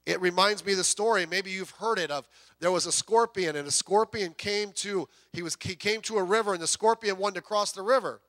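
A man preaching a sermon, emphatic, with rhetorical questions and drawn-out key words. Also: high voice, a bit bright. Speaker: pastor.

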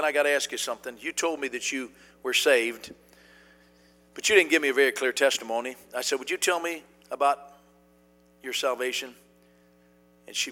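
A preacher delivers a folksy sermon full of stories. His voice is bright and forceful, and it carries a long reverb from the church hall he speaks in. He talks animatedly, with plenty of fillers and restarts. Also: medium pitch. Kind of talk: sermon with storytelling.

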